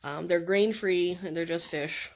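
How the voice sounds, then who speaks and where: A woman's voice: fairly low pitch, unhurried, vocal fry, slight background noise. A woman training a dog at home at night, mixing coaxing praise with firm short commands. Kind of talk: casual talk to a dog at home.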